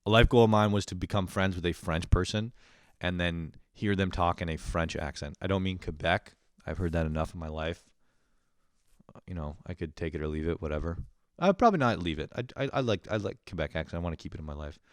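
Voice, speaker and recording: Comedy podcast host, male, deep-voiced, casual rambling monologue full of swearing. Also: brisk, smooth, no echo, clean studio sound. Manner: rambling, profane, laughing at his own stories.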